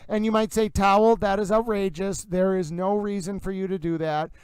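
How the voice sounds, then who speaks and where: A man hosting a livestream about a trial, talking in a mock-grandiose, drawn-out sports-announcer manner. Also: high voice, steady tone, smooth, no room sound. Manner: pompous, drawn-out announcer delivery. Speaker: livestream host covering a trial.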